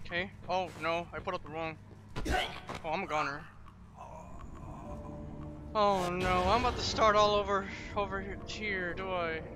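A man's voice: high voice, moderate pace, long pauses. A young man hosting a horror game playthrough, jumpy and emotive as he talks while he plays, on a home setup late at night. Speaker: gaming video host. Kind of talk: horror let's play commentary. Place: home room, gaming at night. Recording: dull lo-fi mic with steady noise.

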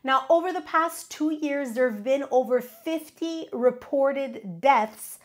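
Woman w/ a cold, nasal and high, upbeat travel tips host. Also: takes it slowly. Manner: upbeat, instructive. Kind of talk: scripted tips video.

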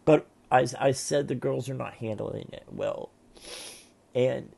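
A man with a deeply gravelly, rough-edged voice speaks to camera while seated at home. His speech is halting and emotional, full of restarts and pauses. His pitch sits in an ordinary middle range. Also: steady tone, warm tone. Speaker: tarot reader and vlogger. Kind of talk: casual heartfelt monologue to camera.

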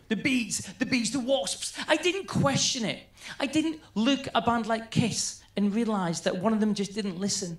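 A man's voice: sits high, normal speed, roomy sound, background noise. A man doing a stand-up routine, telling stories animatedly and acting out his friends. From Scotland. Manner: animated storytelling, acts out friends' voices. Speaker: stand-up comedian.

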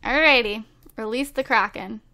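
A woman's voice: fairly high pitch, normal speed, bright, forceful tone. A woman hosting a casual let's-play, chatting to her viewers and teasing the game characters, with lots of filler words. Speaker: gameplay video host.

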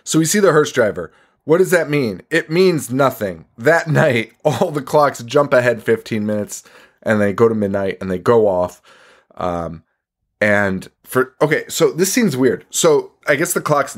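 A man with a medium-pitched, expressive voice talks at a moderate pace. He's co-hosting a podcast, casually recapping a movie with loads of swearing, laughter, and mock quotes in a rambling style.

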